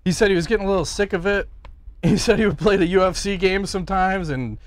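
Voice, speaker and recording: A middle-aged man hosting a podcast, telling stories in casual chat, animated and swearing freely as he acts out the people he quotes. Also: high-pitched, fast talker, dry recording. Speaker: podcast host.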